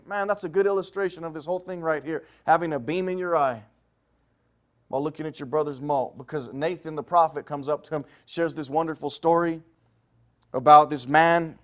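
High-voiced man preaching a lively sermon. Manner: lively storytelling preaching, swinging from loud highs to hushed lows.

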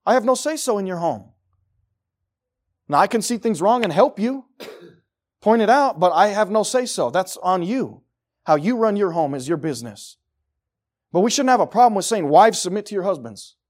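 A man preaching from the pulpit in a fairly high voice. He drives his points hard, then drops low and quiet before building back up. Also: very animated, moderate pace, pauses often. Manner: emphatic preaching, swinging from loud declarations to low, quiet asides. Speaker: pastor. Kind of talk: sermon. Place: church.

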